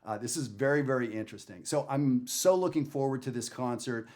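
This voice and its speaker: A man talking through a jazz lesson on camera, chatty and self-deprecating. He thinks aloud and throws out rhetorical questions at a middle pitch. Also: brisk, a little mellow. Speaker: jazz saxophone teacher. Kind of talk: casual video lesson.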